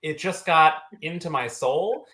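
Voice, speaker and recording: A man's voice: on the high side, expressive, measured pace, bright, forceful tone. A man on a casual music panel, teasing and wry.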